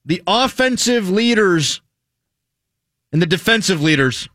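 A man hosting a sports talk radio show, sarcastic and animated, reading stats with mock drama in casual banter. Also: on the high side, moderate pace, no echo, clean studio sound.

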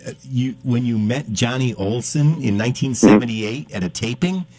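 A man's voice: medium pitch, moderate pace, dark tone. A man co-hosting an interview, asking curious questions and reading prompts aloud. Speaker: co-host.

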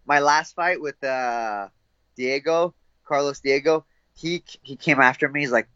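A young man being interviewed as a fighter, laughing often and telling animated stories with quoted voices. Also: medium pitch, a little slow, no room sound, lo-fi sound. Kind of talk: casual interview chat.

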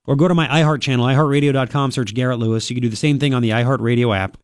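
A man's voice: mid-range voice, fairly even intonation, very fast, no room sound. A man hosting a radio talk show in a studio, chatty and sarcastic, sniffling from a cold. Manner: sarcastic, chatty, reads news aloud with asides. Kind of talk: casual talk radio commentary. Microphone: studio microphone.

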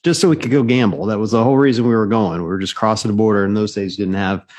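Laid-back lower-voiced man with dry humor. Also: fast, a little mellow. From United States. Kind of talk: casual storytelling chat.

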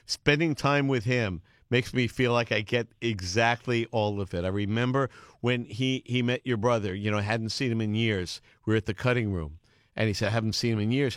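A male podcast host chats and tells animated, enthusiastic stories at a mid-range pitch. The recording is close and dry, with no room sound. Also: dry recording. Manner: enthusiastic storyteller, fast and animated. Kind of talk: casual interview chat.

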